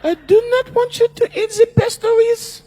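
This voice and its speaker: Guy doing a shrill little bossy wife, way up high, scolding. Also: fairly even intonation, unhurried, mellow.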